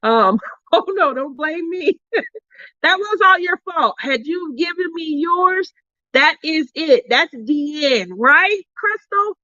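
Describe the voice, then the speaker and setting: A woman with a high voice tells a story casually to her craft channel viewers, acting out each line of dialogue with sudden jumps in pitch. She laughs often and sounds animated throughout. The recording is close and dry, with slightly muffled, lo-fi sound. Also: takes it slowly, no echo.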